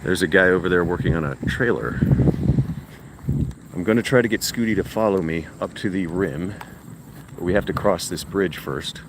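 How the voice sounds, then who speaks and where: A man's voice: sits low, moderate pace, pauses often, noisy background. An older man from Ohio, chatting breathlessly on a walking livestream while coaxing his dog along. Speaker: livestream host. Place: outdoors by a rural reservoir.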